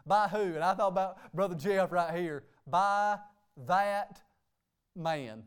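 A man's voice: high-pitched, takes it slowly, smooth. A man preaching a sermon as pastor, emphatic and repeating "hey" and "okay" between phrases. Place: church sanctuary.

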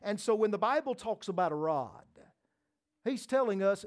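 A man with a high-pitched voice delivers a sermon from the pulpit. He repeats phrases for weight and swings between loud, emphatic declarations and soft, hushed lines. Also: expressive, normal speed. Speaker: preacher.

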